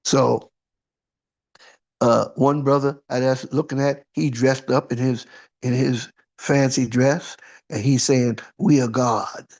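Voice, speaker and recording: A man's voice: medium pitch, little pitch movement, takes it slowly, darkish tone. A man giving an informal sermon, throwing out rhetorical questions and checking in with his listeners. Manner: conversational, asks "huh?" often, rhetorical questions. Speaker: preacher.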